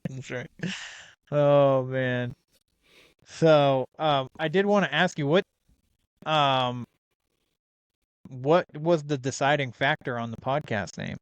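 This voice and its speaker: Male podcast host, relaxed interviewer, smooth clear voice, dry close sound. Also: medium pitch, slow pace, pauses often, dry recording, dull audio. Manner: easygoing, laughs often, many ums. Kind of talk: casual interview chat.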